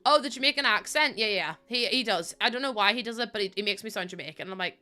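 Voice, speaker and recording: A woman's voice: mid-range voice, lively intonation, quick pace, few pauses, sharp tone. A woman with a Northern Irish accent, chatting casually to her viewers while building in a game, laughing often. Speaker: streamer.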